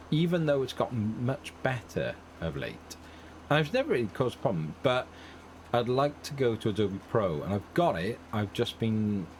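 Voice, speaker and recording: A man's voice: mid-range voice, slight background noise. A middle-aged man hosting a farming game let's play, chatting casually in a rambling, self-deprecating way. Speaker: gaming channel host.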